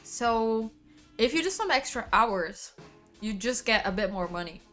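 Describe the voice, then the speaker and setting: A woman's voice: a little high, lively intonation, a little slow, fairly bright tone, faint music behind. A woman with an Italian accent, a native Italian speaker, chatting casually with her stream viewers, laughing often and swearing freely. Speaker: livestreamer.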